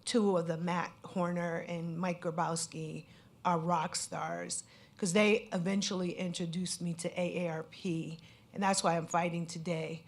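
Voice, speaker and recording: A woman's voice: lowish voice, flat delivery, a little slow. A woman from Connecticut giving personal testimony at a panel event, speaking in an earnest, candid way with many fillers. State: at times emotional. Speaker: scam victim speaking on a panel.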